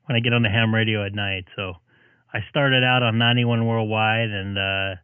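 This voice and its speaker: A man's voice: fairly low pitch, fairly even intonation, moderate pace, smooth, dry recording. Friendly male ham radio host. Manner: friendly, chatty with filler words. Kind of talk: casual radio chat. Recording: narrow phone-like radio sound.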